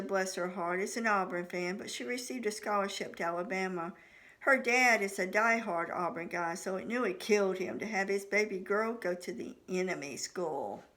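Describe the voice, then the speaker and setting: A woman reads her novel aloud as an audiobook, her mid-range voice carrying a fairly bright tone. The story is told in the first person, and she performs the dialogue for each character.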